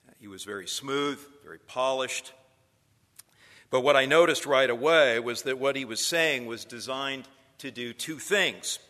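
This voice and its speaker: A man's voice: mid-range voice, measured pace, pushed and bright, long reverb tail. A man lecturing future preachers in a sermon style, telling stories and building to emphatic points.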